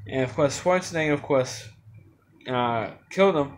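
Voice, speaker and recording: A man's voice: mid-range voice, moderate pace, a little hiss or hum. A man giving an unscripted movie review, rambling along with many restarts and fillers.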